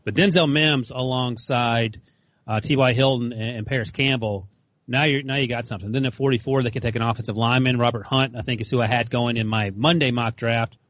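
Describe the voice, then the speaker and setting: A man giving quick, matter-of-fact analysis in a casual sports chat. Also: medium pitch, fairly even intonation, fairly bright tone, no echo, muffled recording.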